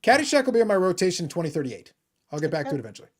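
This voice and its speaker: A man's voice: high-pitched, very animated, racing, breathy edge. A man hosting a casual live stream chat, blunt and opinionated, often stammering and repeating words as he starts a point. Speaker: host of a hobby live stream.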